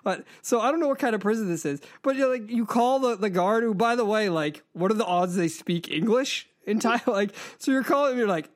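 A man's voice: extremely high pitch, a little fast. A man hosting a casual podcast, joking and laughing as he talks and reviews films. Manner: animated, joking, laughs while talking. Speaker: podcast host and movie reviewer. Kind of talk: casual chat.

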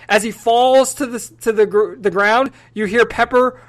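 A man's voice: very high-pitched, moderate pace. A man hosting a casual film podcast, talking through scenes analytically and acting out bits with energy. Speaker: podcast host.

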